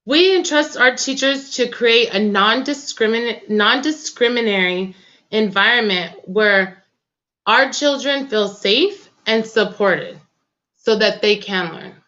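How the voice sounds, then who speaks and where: A woman's voice: fairly high pitch, slow pace, sharp tone, muffled recording. A woman hosting a political talk show, impassioned and tearful, speaking in casual slang. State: crying. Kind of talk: emotional political commentary.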